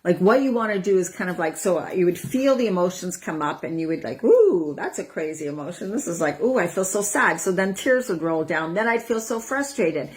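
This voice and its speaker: A woman over forty, a wellness coach, talking casually to her viewers, chatty and acting out her own inner voices with breathy sighs. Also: on the low side, brisk, few pauses. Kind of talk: casual talk to camera.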